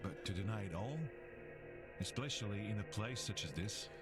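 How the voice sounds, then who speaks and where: An actor playing a confident male investigator of the occult, with a thick French accent and a smooth, slightly condescending manner. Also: fairly low pitch, normal speed, a bit bright, faint music behind, lightly acted. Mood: suave. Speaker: game character.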